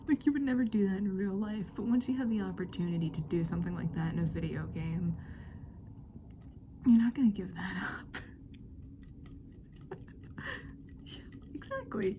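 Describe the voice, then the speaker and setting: A woman's voice: medium pitch, animated, unhurried, pauses often, mellow, a little hiss or hum. A woman whispering in a friendly role-play, giggling and rambling through casual chat as a friend hosting a visit.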